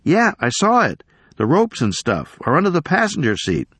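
A man voicing a frightened, freezing man wedged in the ice, his voice trembling and husky. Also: on the high side, wildly swooping pitch, moderate pace, fairly bright tone, dry recording, voice pushed up, heavily acted. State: trembling, cold.

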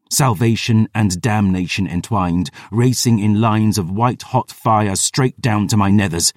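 Intense, low-voiced male narrator. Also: no room sound, studio quality. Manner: measured and intense, with slow emphatic beats. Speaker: audiobook narrator. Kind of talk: dramatic audiobook narration.

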